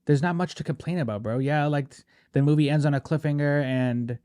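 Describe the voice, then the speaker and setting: A man's voice: a little high, brisk, dark tone, no echo, studio quality. A man hosting a podcast, chatting casually and animatedly, peppering his talk with "bro" and "right?". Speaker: podcast host. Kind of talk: casual chat.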